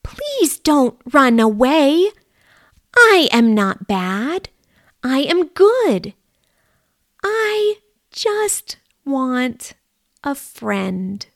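A woman's voice: sits high, sing-song, drawn-out words, long pauses, fairly bright tone, no echo, clean studio sound, voice pushed up, full character voice. A woman voicing a small, friendly male mouse in a storybook reading for learners. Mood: pleading.

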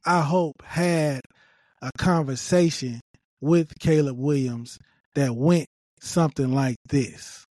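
Guy with a high voice going off on a clip, slow and repeating himself, super dry sound. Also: darkish tone, dry recording. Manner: emphatic and repetitive, scolding. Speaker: commentator. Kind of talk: opinion commentary on a video clip.

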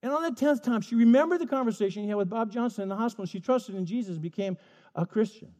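A man's voice: sits high, quick pace, darkish tone. A middle-aged male pastor preaching a sermon, telling stories with acted voices and emphatic repetition.

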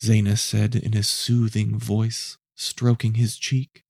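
A man narrating and producing an audio story in a measured, low-key, hushed reading. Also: level tone, gravelly, no room sound, studio quality.

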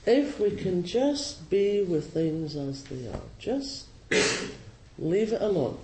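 A man with a Scottish accent, a Zen teacher giving a slow, gently humorous and reflective dharma talk. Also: high voice, sing-song, a little hiss or hum. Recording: roomy hall with faint ambience.

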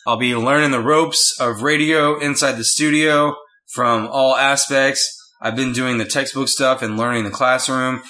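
A young man talks loosely on a casual podcast, rambling from one point to the next. His voice is bright and clear. He teases his co-host as they go. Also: medium pitch. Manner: chatty, rambling, teasing. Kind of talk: casual chat.

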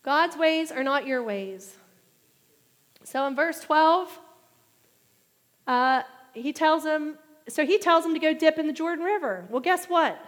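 A woman preaches with a high, bright voice that carries through a long, ringing reverb, as if heard in a large hall. Her sermon is animated, and she pushes louder and higher on the points she wants to land. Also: a little slow, pauses often. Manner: animated preaching, rising and loud at emphatic points.

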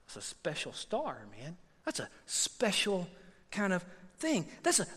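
A man preaching a sermon, animated and conversational, repeating phrases and swinging from loud emphasis to hushed asides. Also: extremely high pitch. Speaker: pastor. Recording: long hall reverb.

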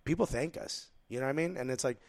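Fast-talking, blunt New Jersey man. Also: medium pitch, no room sound. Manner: blunt, heated, swears freely. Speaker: podcast co-host. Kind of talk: casual podcast chat.

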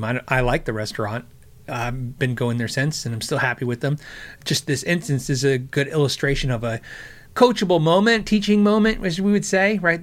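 A man's voice: a little high, a bit bright. A middle-aged man hosting a talk show, telling a long story in a rambling, sarcastic way, with many fillers and chuckles. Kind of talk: casual storytelling chat.

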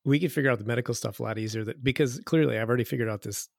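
A man's voice: mid-range voice, very fast, creaky, no room sound, clean studio sound. A man co-hosting a casual podcast chat, joking around. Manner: joking, puts on silly accents. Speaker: podcast co-host.

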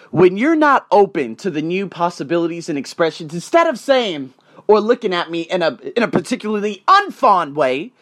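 A man hosting his own podcast, telling personal stories in a casual motivational monologue, swinging between loud emphasis and quiet asides. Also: fairly high pitch. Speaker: podcast host.

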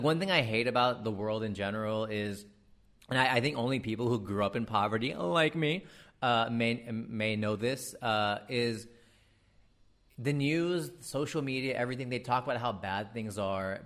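An American comedian delivers a ranting monologue, animated and exasperated, cursing freely and sprinkling in fillers. His voice is medium in pitch and his pace is moderate.

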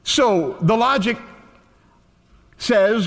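A man in his forties gives a sermon in an earnest, conversational tone, his voice sitting a little high for a man. He sometimes drops soft and tender, and the long reverb of a large hall trails after each phrase. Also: lively intonation, moderate pace. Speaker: pastor.

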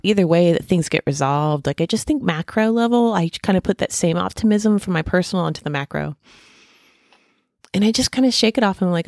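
A woman's voice: low voice, lively intonation, fairly quick, darkish tone, no room sound, clean studio sound. A woman in her thirties talking casually and at length about hope and faith, rambling with many fillers and restarts. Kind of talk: casual reflective monologue.

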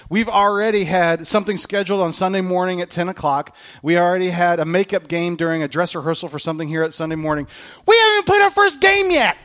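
A man in his thirties, a pastor preaching a sermon in an animated, joking, self-mocking way. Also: high voice.

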